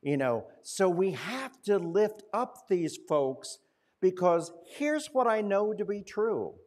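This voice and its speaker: A male pastor telling a story in a sermon, conversational, slowing down and dropping to a hush at key points. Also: high-pitched, big pitch swings.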